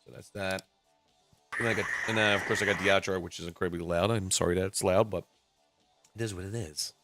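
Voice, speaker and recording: A man in his forties, a reptile keeper and live streamer, rambles casually on a live stream and swears now and then. His voice sits low and a bit bright, with fairly even intonation and a fairly quick pace. He's recorded on a computer mic at his desk, with faint music playing in the background.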